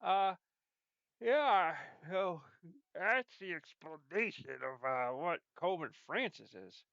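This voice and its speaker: A man's voice: sits high, animated, takes it slowly, gravelly, a bit bright, no echo. A man giving rambling, playful commentary over a video game, sometimes singing snippets. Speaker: game streamer. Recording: dull lo-fi dry sound.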